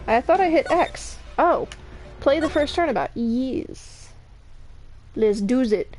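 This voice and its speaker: A young woman streams a game, chatting and giggling between lines in a high voice. Her pitch jumps around a lot, and soft game music plays underneath. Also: animated, unhurried. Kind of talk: casual game playthrough commentary.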